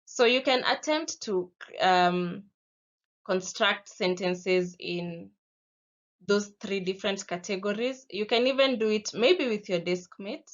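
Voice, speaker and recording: A woman with a Kenyan accent teaches a lesson at an unhurried, deliberate pace, pausing to pose questions and give examples. Her voice sits in a middle pitch, and the recording sounds somewhat dull and lo-fi. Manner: slow, patient, explaining with spoken examples.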